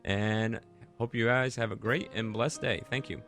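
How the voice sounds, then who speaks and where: A man's voice: fairly low pitch, steady tone, a little slow, over loud music. A man from Rhode Island hosting a Christian radio show, talking conversationally, asking listeners many questions and leading a prayer. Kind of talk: devotional radio talk and prayer.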